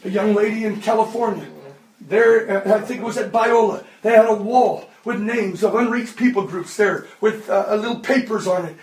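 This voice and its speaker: A man in his fifties preaching a sermon, impassioned and often shouting. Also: high voice, steady tone, moderate pace. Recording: echoey hall, distant mic.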